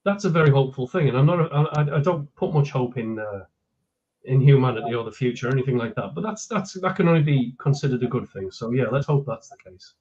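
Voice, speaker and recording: A man's voice: mid-range voice, fast talker, a little mellow, dull audio. A man co-hosting a casual chat, easygoing and agreeable, repeating words as he thinks.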